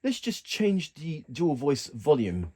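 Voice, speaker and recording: Man demoing a keyboard over loud music. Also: on the high side, huge pitch swings. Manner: halting, stops to correct himself mid-sentence. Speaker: keyboard tutorial presenter. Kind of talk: casual demonstration walkthrough. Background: keyboard sounds being demonstrated.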